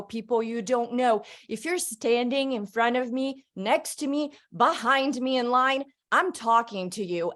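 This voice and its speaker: A woman speaking as a guest on a conference call, giving an energetic, upbeat motivational talk. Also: high voice.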